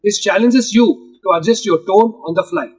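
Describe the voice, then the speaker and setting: A man's voice: high voice, normal speed, husky, rough recording. A man reading lesson notes aloud as a teacher, moving steadily through headings and instructions.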